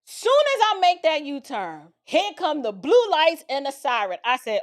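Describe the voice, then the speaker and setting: New woman, casual storyteller, high and very expressive voice, lots of asides to the audience. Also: normal speed, a little hiss or hum. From the Bronx, New York. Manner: animated, dramatic retelling with lots of asides to the listener. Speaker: commentator telling a personal story.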